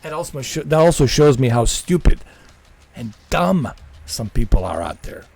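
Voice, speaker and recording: A man's voice: medium pitch, very animated, moderate pace, gravelly, a little mellow, slightly rough. A man livestreaming gameplay, ranting in a repetitive, exasperated way and talking straight to his viewers. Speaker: gaming livestreamer. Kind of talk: live gameplay commentary.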